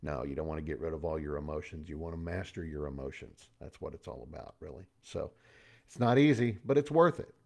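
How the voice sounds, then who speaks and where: A man's voice: very deep voice, expressive, a little fast, vocal fry. A middle-aged man giving a casual motivational talk as host, chatty and folksy, with pop-culture asides.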